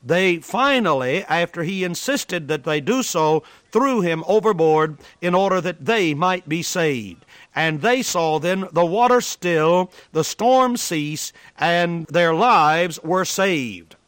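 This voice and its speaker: High-voiced earnest male preacher, dry sound. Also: animated, takes it slowly, a bit bright, dry recording. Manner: earnest, emphatic storytelling preaching. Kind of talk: sermon.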